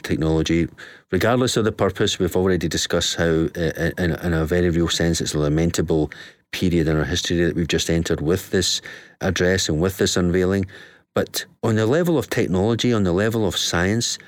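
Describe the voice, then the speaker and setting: A man's voice: deep voice, brisk, no room sound. A man hosting a political interview show, asking emphatic, rhetorical questions. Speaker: show host.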